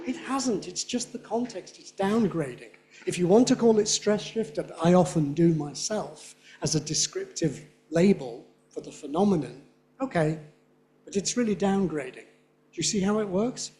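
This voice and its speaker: Lively man giving a lecture. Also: high voice, moderate pace. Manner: lively, demonstrative, checks in with audience often. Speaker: linguistics lecturer. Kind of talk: conference lecture.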